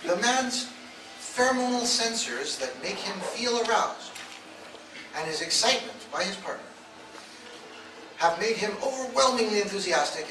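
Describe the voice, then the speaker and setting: A man's voice: sits high, noisy background. A man giving a blunt, provocative talk to a live audience, telling stories and acting out the voices in them. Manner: storytelling, acts out quoted voices. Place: event hall. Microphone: audience phone camera. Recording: echoey phone recording from far off.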